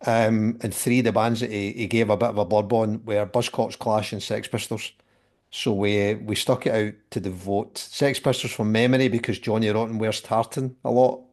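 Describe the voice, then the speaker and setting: A man's voice: lowish voice, flat delivery, moderate pace, darkish tone. Chatty man hosting a panel. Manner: chatty, many fillers and restarts. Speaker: podcast host. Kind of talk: casual panel chat.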